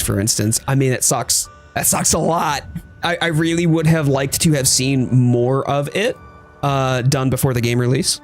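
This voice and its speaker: A man streaming a game, chatting casually and thoughtfully with his viewers while he plays. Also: medium pitch. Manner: thoughtful, hedging, reads chat aloud. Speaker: gaming streamer. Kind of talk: casual live-stream chat.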